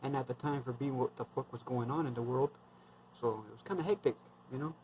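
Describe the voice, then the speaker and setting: A man's voice: mid-range voice, fast talker, a little mellow, a little hiss or hum, poor audio. A man in his thirties, a military veteran, telling war stories in a rambling, blunt, heavily profane casual monologue.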